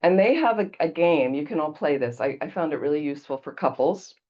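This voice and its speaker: Low-voiced woman Buddhist teacher. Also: animated, a little fast, highs cut off. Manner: conversational storytelling, checks in with "okay?". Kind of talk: casual dharma talk.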